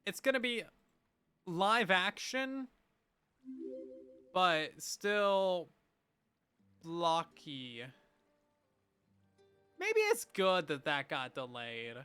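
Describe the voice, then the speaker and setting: A man's voice: high voice, very slow, pauses often, smooth, soft background music. A young man livestreaming, chatting casually and playfully while reading viewer messages. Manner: playful, animated, chatty with frequent laughs.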